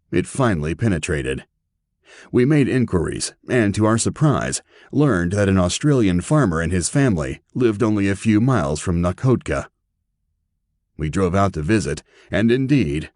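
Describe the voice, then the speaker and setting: A man reading an audiobook with steady, even narration. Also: deep voice, normal speed, no room sound, clean studio sound.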